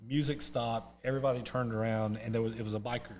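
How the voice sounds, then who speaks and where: A man's voice: medium pitch, quick pace. Man telling a funny story. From North Carolina, US South. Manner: animated, humorous storyteller who acts out quoted voices. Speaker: podcast guest. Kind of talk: casual storytelling chat.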